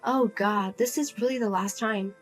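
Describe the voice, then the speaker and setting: A woman's voice: medium pitch, normal speed, faint music behind, lightly acted. A woman voicing Lizzie, a cold, blunt daughter. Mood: firm. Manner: flat, firm, cold and blunt. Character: Lizzie, grown daughter, cool, blunt, fed up. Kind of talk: narrated drama story.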